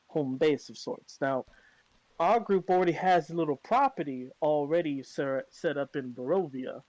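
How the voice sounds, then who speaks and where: A man talking as a player in a tabletop game, earnest and halting with restarts. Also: a little high, darkish tone, no room sound, poor audio. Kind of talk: tabletop role-play table talk.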